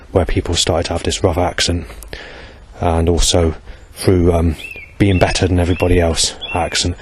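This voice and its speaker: Deep-voiced male vlogger, rambling and hesitant, slight background hiss. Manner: hesitant, digressive, many fillers and restarts. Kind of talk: rambling monologue.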